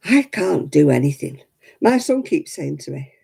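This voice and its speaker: Woman hosting a craft stream: chatty, self-mocking, husky, lively up-and-down voice. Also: sits low, normal speed, poor audio. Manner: chatty, self-deprecating, greets viewers by name. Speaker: crafting livestream host. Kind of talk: casual livestream chat with viewers.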